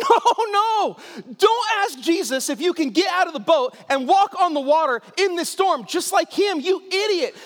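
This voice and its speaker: A man doing a shrill, exasperated disciple. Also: bright, forceful tone, heavily acted. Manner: shrill, mocking, laughing. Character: exasperated male disciple yelling at a friend. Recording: long reverb in a large hall.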